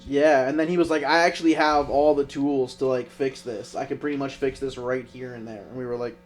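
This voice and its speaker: A man's voice: medium pitch, fairly quick. A young man, a podcast co-host, telling a profane road story in casual chat. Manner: profane, animated anecdote telling.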